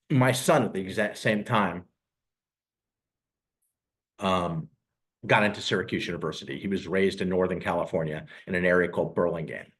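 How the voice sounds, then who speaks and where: Man in his 60s with a low voice, recruiter pitching on a call, sincere and personal. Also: animated, a bit bright. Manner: earnest, personal storytelling with emotional pauses. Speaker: real estate recruiter. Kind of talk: sales presentation on a live call.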